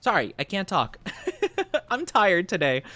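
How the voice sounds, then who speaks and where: A man streaming a game and chatting playfully with his viewers, rambling and giggling, with sudden high squeaks. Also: huge pitch swings, measured pace, bright, forceful tone, no room sound, soft background music. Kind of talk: casual live-stream chat while gaming.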